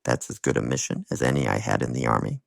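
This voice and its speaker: A man's voice: rumbling low, steady tone, fast, creaky, no room sound. A man in his fifties with a Dublin accent, telling his own life story with wry, humorous asides. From Ireland. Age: 50s. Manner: wry, humorous anecdotal delivery. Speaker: school bus driver. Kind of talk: personal storytelling monologue.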